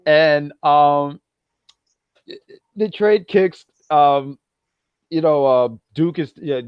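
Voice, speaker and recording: A man co-hosting a casual wrestling review podcast, rambling with many restarts and bursts of loud excitement. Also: a little high, drawn-out words, clear, resonant tone, no echo, highs cut off. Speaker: podcast co-host.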